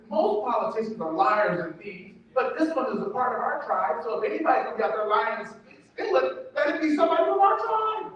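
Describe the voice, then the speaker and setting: A man's voice: extremely high pitch, fairly quick, few pauses. A man from Kansas giving a motivational talk to a live audience, telling stories and acting out the dialogue. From Kansas, United States. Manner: animated storytelling, acts out dialogue with shifting voices. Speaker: motivational speaker. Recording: very echoey, distant from the mic, dull.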